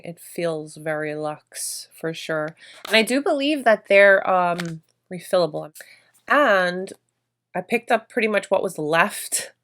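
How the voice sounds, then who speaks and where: A woman's voice: medium pitch, fairly bright tone. A woman vlogger narrating her makeup routine in a chatty, effusive way, gushing over products. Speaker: beauty vlogger.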